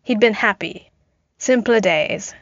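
A woman's voice: mid-range voice, takes it slowly, no echo. Woman reading fanfiction aloud. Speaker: fanfiction audiobook reader. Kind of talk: audiobook narration. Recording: dull lo-fi home recording.

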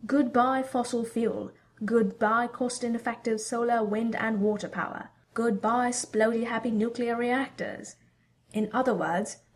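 A woman's voice: a little high, close to an everyday voice. A woman voicing an absent-minded, absorbed female scientist in a storybook reading. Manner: absent-minded, eager when excited.

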